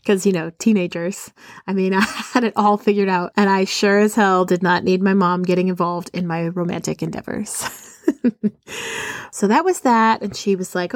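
A woman's voice: medium pitch, unhurried, no echo, clean studio sound. A woman from Arizona hosting a podcast, telling a personal story in a chatty way and laughing often between sentences. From Arizona, USA. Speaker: podcast host.

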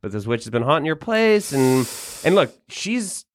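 Man, podcast co-host. Relaxed, rambling storyteller, dry close sound. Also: mid-range voice, normal speed, no echo. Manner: laid-back, builds absurd stories with many restarts. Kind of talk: casual comedic chat, improvised stories.

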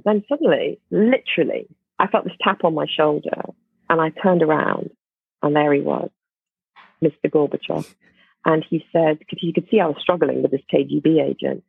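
A woman tells a story to a podcast host with plenty of laughter and false starts. Her voice comes through husky and dry over a tinny phone line. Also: sits low, moderate pace, no echo. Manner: animated, laughing, many restarts. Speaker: podcast guest. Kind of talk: casual storytelling.

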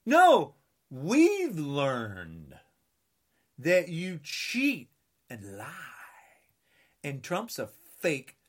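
A man's voice: fairly high pitch, huge pitch swings, extremely slow, pauses often. A man in his sixties delivering an angry political rant, combative and taunting, with heavy repetition. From United States. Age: 60s. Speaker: political ranter.

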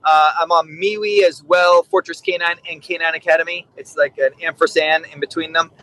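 Here a middle-aged podcast guest who works as a dog trainer shares frank, blunt stories and acts out what people said. The low-quality audio carries his slightly high, pushed, bright voice at normal speed with fairly even intonation.

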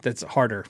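In a dry recording, a man with a mid-range voice answers viewers' questions on a casual live show. He tends to ramble, frequently correcting himself and chuckling along the way.

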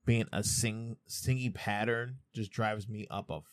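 A man in his thirties co-hosting a podcast, chatting casually, playful and animated, swearing freely. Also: on the low side, unhurried, no echo, studio quality. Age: 30s. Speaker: podcast co-host. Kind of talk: casual chat. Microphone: studio microphone.

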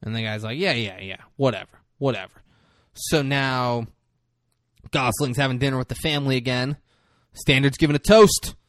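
Man, podcast co-host, casual profane movie recap, animated, dry close sound. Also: mid-range voice, normal speed, dry recording. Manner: animated, profane retelling with voices for characters. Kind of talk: casual chat.

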